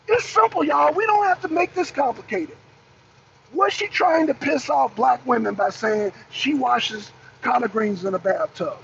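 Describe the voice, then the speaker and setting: A woman's voice: high voice, animated, normal speed, gravelly. A woman hosting a political livestream, pressing the same questions again and again and answering viewers in the chat. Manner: emphatic, repeats rhetorical questions. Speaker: host. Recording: dull lo-fi stream audio with faint noise.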